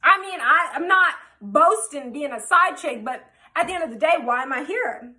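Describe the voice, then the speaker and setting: High bright animated woman vlogger. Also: normal speed. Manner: animated, frank, profane. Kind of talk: storytime vlog.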